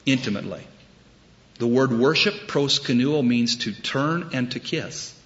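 A man preaching a sermon, telling a story with wry humor and deliberate emphasis. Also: medium pitch, animated, a bit bright, lo-fi sound. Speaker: pastor.

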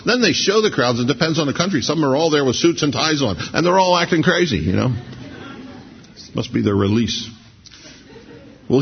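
A middle-aged man preaches in a loose, conversational way, drawing slowly on scripture. His voice is gravelly and a little husky. The recording sounds muffled and lo-fi. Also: mid-range voice. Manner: conversational, anecdotal, slows down for scripture reading. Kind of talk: sermon. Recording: dull lo-fi sermon recording.

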